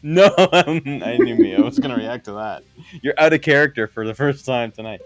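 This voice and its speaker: A man's voice: mid-range voice, animated, moderate pace, over music. A man hosting a casual panel podcast, teasing and moderating his guests. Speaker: podcast host.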